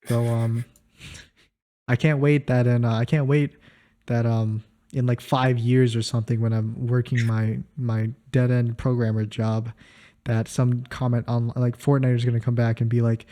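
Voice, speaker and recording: A man's voice: mid-range voice, little pitch movement, moderate pace, mellow. A young man co-hosting a podcast, chatting casually in a rambling, laid-back way that trails off. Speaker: podcast co-host. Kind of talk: casual chat.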